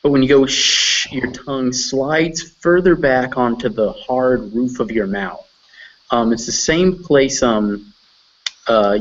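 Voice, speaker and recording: A male English tutor on a video call talks slowly and patiently, stretching out each sound as he demonstrates it. The audio is dull and lo-fi, with a faint hiss underneath. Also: fairly low pitch, recorded from a distance. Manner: patient, slow careful demonstrations. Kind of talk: online language lesson.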